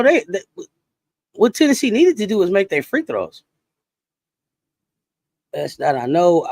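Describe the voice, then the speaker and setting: Woman, sports talk host, animated casual livestream commentary, greets chat, dry close mic. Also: lowish voice, creaky, no room sound. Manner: animated, chatty, shouts out viewers.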